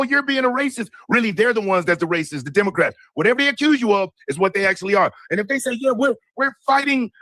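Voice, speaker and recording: High-voiced emphatic male commentator. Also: a bit bright, no echo. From Michigan. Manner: emphatic, indignant. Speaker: host. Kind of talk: political commentary.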